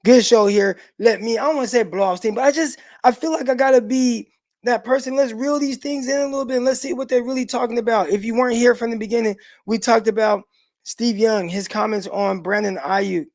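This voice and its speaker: A middle-aged sports show host runs a livestream in a loose, laid-back way, talking straight to the live chat, reading out viewer comments, and using many fillers. His voice is very high and a little mellow, and he speaks briskly.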